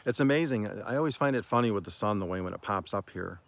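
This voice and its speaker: Man, from Oklahoma, livestream host, casual storytelling, folksy and rambling, lowish pitch. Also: lively intonation, fast talker. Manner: rambling, folksy, frequent throat-clearing.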